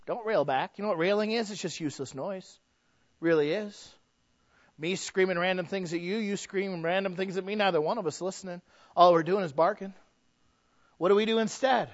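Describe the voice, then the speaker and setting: A man's voice: sits high, a little fast, no room sound. A man preaching a sermon in a folksy, conversational way, full of rhetorical questions. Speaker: pastor. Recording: dull, dry sound.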